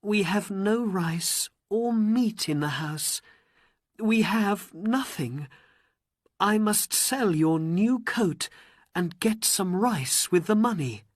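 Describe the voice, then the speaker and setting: A poor, caring mother frets in raised, anxious exclamations. A storyteller puts her on for a storybook reading. The voice is breathy and dry. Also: medium pitch, animated, slow, no echo, voice pushed up. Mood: worried.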